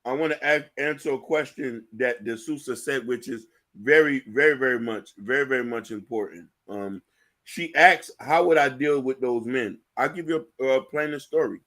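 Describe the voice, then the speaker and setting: A man hosting a casual talk show, joking and animated, playing up mock fear. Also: medium pitch, normal speed. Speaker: show host.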